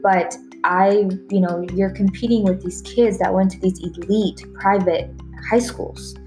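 A woman's voice: mid-range voice, fairly even intonation, a little slow, mellow, soft background music. A woman in her thirties from Texas, a native Spanish speaker, talking casually as a podcast guest, laughing often and acting out remembered conversations. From Texas, USA.

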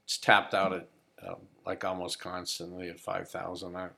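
Low-voiced swearing storyteller, a man. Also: monotone, normal speed, vocal fry, bright, forceful tone. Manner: profane, storytelling, acts out quotes. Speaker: podcast guest, comedian. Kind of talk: casual chat.

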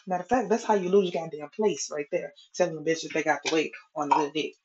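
A woman's voice: low voice, fast, heavy background noise. Profane ranting woman, dull lo-fi audio. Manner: exasperated, profane, complaining rant. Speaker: vlogger. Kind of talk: profane comic rant to camera. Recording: dull lo-fi recording.

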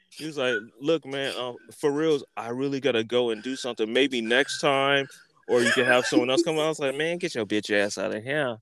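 A man hosting a podcast, telling a story in an animated, profane way, repeating words and acting out what people said. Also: mid-range voice, a little fast, clean tone, dry recording. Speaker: podcast host. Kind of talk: casual storytelling.

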